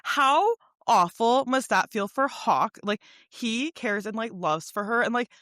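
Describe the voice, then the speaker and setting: Female co-host, casual animated book chat, lots of fillers, dry close sound. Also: on the high side, unhurried, dry recording. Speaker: podcast co-host.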